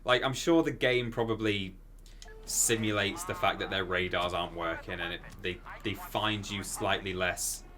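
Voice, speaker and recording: A man chatting casually while streaming a video game, rambling and bursting into excited exclamations. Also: sits low, moderate pace. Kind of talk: casual gaming stream commentary.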